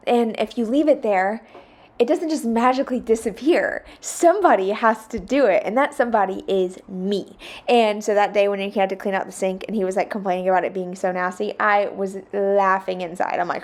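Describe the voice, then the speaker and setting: A woman's voice: medium pitch, brisk, darkish tone. A young woman, chatting casually in a home vlog while she cleans, laughing often and venting in exasperation. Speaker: vlogger.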